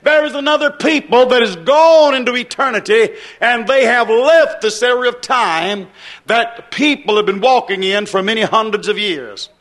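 A man's voice: very high-pitched, normal speed, a bit bright. A man preaching a sermon with an emphatic, repetitive cadence.

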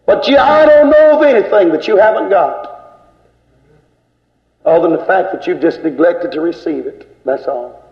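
A man's voice: high-pitched, moderate pace, creaky. An older man preaching an emphatic, scolding sermon in a church. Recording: echoey lo-fi church tape.

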